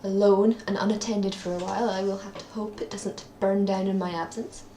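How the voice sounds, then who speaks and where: Filming her daily vlog indoors at her parents' place, a young woman from Scotland rambles along with plenty of ums and a self-deprecating streak. She speaks briskly in a warm, mid-range voice with a level tone. The sound is roomy, with a little hiss or hum.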